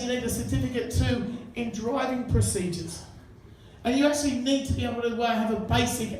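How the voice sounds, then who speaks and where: Crude stand-up comic, echoey pub. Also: male voice, very high-pitched, slight background noise. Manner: crude, conversational, banters with the crowd. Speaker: stand-up comedian. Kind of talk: stand-up comedy set. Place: live pub venue. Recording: echoey room, mic far off. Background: audience laughter.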